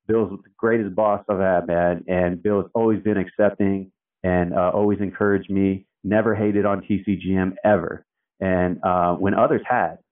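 A man telling his story as an interview guest in a loose, chatty way, full of fillers, acting out what people said. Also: fairly low pitch. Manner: loose and chatty, filler-heavy, acts out quotes. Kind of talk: casual storytelling. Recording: tinny phone-like sound, distant from the mic.

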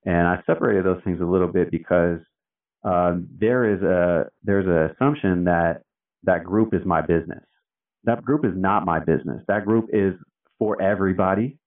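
A man's voice: deep voice, normal speed. Laid-back man on a tinny distant line. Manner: laid-back and slangy, peppers talk with "man" and "dude". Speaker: interview guest, founder of a tradesman community brand. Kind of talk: casual storytelling. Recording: tinny phone-like line, away from the mic.

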